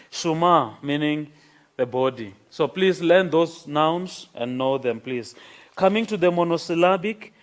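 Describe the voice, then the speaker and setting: A man gives a classroom lecture at a slow, deliberate pace. His voice sits a little high for a man. He repeats key words and keeps checking in with "okay?" as he teaches. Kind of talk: classroom lecture on Greek grammar.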